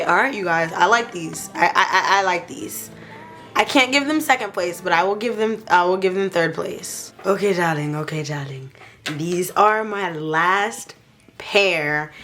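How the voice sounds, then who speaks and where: A young woman in a casual beauty review vlog, talking playfully and gushing with excitement. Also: mid-range voice. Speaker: beauty vlogger.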